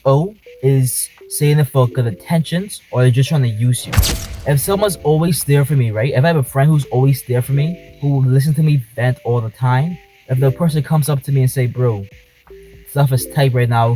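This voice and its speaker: A man's voice: medium pitch, dark tone, rough recording. A man vlogging from inside a car, speaking passionately and emphatically, repeating his points. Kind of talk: talking to camera in a car.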